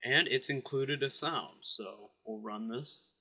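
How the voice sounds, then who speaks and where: Man with a very bright, sharp voice. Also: medium pitch, takes it slowly. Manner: thinking aloud, offhand and puzzled. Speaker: software reviewer. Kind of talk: casual screen-recorded software demo.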